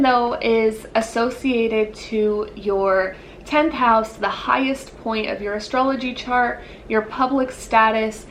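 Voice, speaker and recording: A woman's voice: on the high side, slight background noise, low-quality recording. Chatty woman giving a tarot reading. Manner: rambling, filler-heavy, searching for words. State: yawning. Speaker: tarot reader. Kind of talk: pick-a-card tarot reading.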